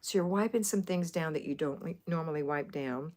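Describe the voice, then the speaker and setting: A middle-aged woman from Florida hosts a homemaking livestream in a relaxed, rambling way. Her voice sits a little low for a woman. She chats casually and turns to answer viewers' comments. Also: fairly quick. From Florida, USA.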